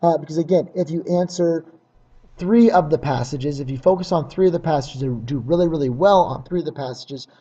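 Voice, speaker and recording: A man's voice: fairly high pitch, brisk, mellow, breathy edge, muffled recording. A man teaching a recorded test-prep lesson in a plain, practical way, with frequent uhs and ums.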